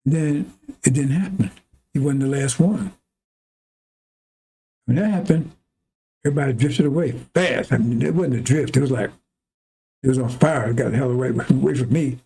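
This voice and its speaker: Male preacher, rambling and animated, husky and mellow. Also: medium pitch, moderate pace, long pauses. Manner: animated, acts out arguments with God in a raised voice. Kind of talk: rambling sermon.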